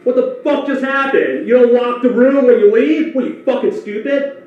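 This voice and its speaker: A man playing a foul-mouthed, bat-wielding construction boss from Long Island who curses and shouts in a live storytelling set. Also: fairly high pitch, animated, moderate pace, natural voice. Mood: furious. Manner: cursing, shouting. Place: small theater stage. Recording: echoey, distant, dull live theater sound.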